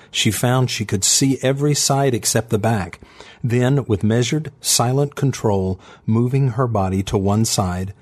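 A man narrating fiction in a steady, measured storytelling manner. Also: lowish voice.

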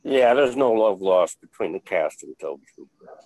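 A man's voice: fairly low pitch, lively intonation, normal speed, a little mellow, poor audio. Older man rambling through stories. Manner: rambling, many fillers, blunt with swearing. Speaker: interview guest, former film crew member. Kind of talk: casual interview storytelling.

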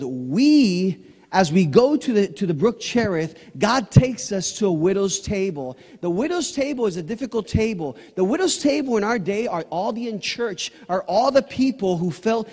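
A male pastor delivers a sermon in a high voice, pressing his points with passionate emphasis. His words ring out with a long reverb through a church sanctuary. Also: big pitch swings, moderate pace, a little mellow. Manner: passionate preaching, rising to emphatic peaks.

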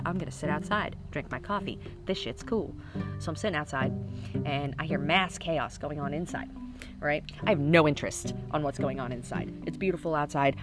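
A woman in her thirties telling comic stories about her kids in a casual, rambling, profane way. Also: low voice. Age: 30s. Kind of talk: casual comic storytelling to camera.

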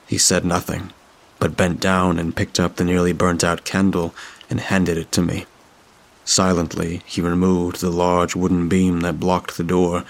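A man narrating a scripted horror story in a measured, steady way. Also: low-pitched, vocal fry.

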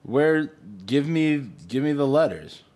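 Slow-talking man in crude podcast banter. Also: on the high side, expressive, darkish tone. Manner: joking, laughs often, reads aloud from screen. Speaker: podcast co-host.

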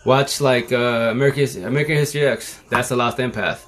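A man's voice: mid-range voice, fast talker, a bit bright, soft background music. A man in his forties talking on a live phone stream in a casual monologue, using street slang and repeating his mottos like a sermon. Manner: streetwise slang, repetitive, preachy. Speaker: livestream host.

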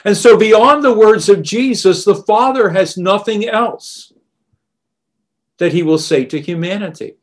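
A man preaching a sermon in a deliberate, emphatic way. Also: sits high.

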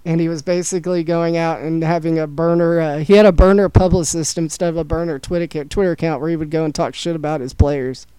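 A man with a high, smooth, resonant voice hosts a casual podcast. He tells a story from his notes and drops dry jokes along the way. The sound is close and dry, with no room behind it. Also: steady tone, fast, few pauses, mellow, dry recording, low-quality recording. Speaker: podcast host presenting a story.

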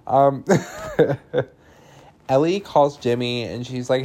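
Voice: medium pitch, steady tone, slow, pauses often, warm tone, a little hiss or hum. A speaker casually recapping a film plot, chatty and sarcastic, peppering the story with "like" and swearing. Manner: chatty, swears freely, heavy use of "like"; sarcastic asides.

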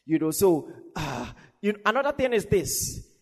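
High-pitched guy preaching, shouts then goes soft, lots of laughing, big echoey hall. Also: sing-song, unhurried. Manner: fervent preaching, swings between shouts and soft asides, laughs often. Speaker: pastor. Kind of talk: sermon. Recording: long reverb of a large hall.

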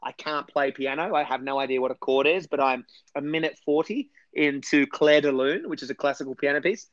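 A man's voice: fairly high pitch, brisk, dry recording, dull audio. A man talking enthusiastically as a guest in a casual interview, rambling a little with restarts. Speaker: podcast guest.

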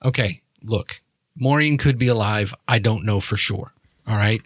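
A man's voice: on the low side, moderate pace, no room sound. A man voicing a secretive woman who defends herself evasively and swears when pressed. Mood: defensive. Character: guarded secretive woman, older-sister figure.

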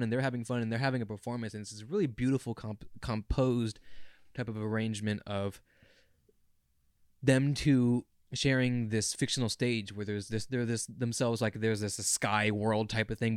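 A man's voice: mid-range voice, dry recording, studio quality. A young man co-hosting a podcast, talking in an earnest, rambling and emotional way. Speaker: podcast co-host. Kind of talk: casual chat.

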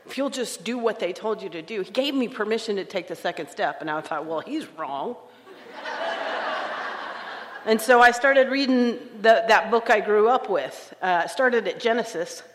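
A woman's voice: medium pitch, lively intonation, moderate pace, background noise. A woman speaking at a recovery conference, sharing her story with candid, self-mocking humor. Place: conference hall. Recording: live talk in a reverberant hall.

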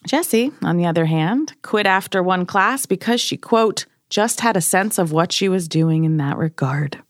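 A woman's voice: on the low side, animated, normal speed, dry recording, studio quality. A woman in her thirties guest hosting a podcast, playful and jokey, chatting and reading the credits. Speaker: guest host. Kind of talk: casual chat and scripted outro.

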